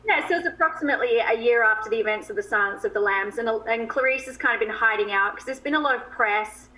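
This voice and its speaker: A woman talking as an actress guest in a TV interview, chatty and quick to laugh. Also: on the high side, pushed and bright, rough recording. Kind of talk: TV interview chat.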